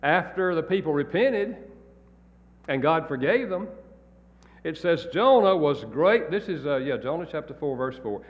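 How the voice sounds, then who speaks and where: A married male preacher tells a sermon in a folksy, plain-spoken way. His voice is fairly high and swings widely in pitch. It echoes in a long hall, and the recording is dull and lo-fi. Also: expressive, measured pace.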